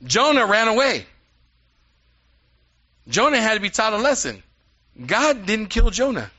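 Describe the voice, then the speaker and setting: Man preaching, lively and conversational, very bright, forceful voice. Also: high-pitched, unhurried. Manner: animated, conversational preaching with asides. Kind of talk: sermon. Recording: dull lo-fi sound.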